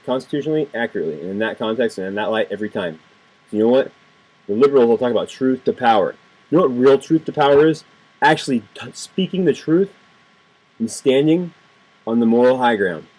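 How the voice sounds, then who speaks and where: Heated man ranting, husky voice. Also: mid-range voice, a little mellow, rough recording. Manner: heated, indignant, repeats phrases for emphasis. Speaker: political video blogger. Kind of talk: impassioned political rant to camera. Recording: home webcam video.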